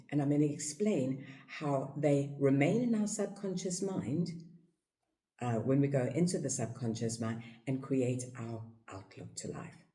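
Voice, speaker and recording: Low, mellow-voiced South African woman teacher. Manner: acts out parents' voices in a high, excited tone; repeats phrases for emphasis. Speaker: yoga teacher and speaker. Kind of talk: reflective teaching talk.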